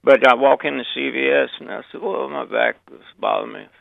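A man's voice: medium pitch, fairly quick, vocal fry, no echo. An older man with a Southern accent, telling rambling stories with chuckles and restarts as a guest. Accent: Southern American. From Memphis, Southern US. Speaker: guest, actor and author. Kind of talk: relaxed anecdotal interview. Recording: dry, tinny phone line.

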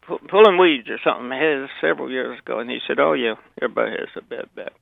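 Gravelly older Southern man on a phone line. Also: mid-range voice, lively intonation, fast, no room sound. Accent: Southern American. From Memphis, Southern US. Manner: rambling, chuckling storyteller with frequent restarts. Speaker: guest, actor and author. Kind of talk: relaxed anecdotal interview. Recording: dry, tinny phone line.

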